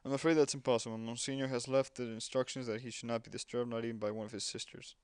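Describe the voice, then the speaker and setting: A man voicing a calm, stern older nun who answers formally and measuredly. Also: medium pitch, quick pace, smooth, no room sound, natural voice.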